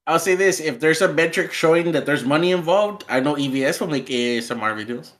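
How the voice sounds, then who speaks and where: A man guesting on a livestream, easygoing and quick to laugh things off. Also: on the high side, animated, fairly bright tone. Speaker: stream guest. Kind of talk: casual chat.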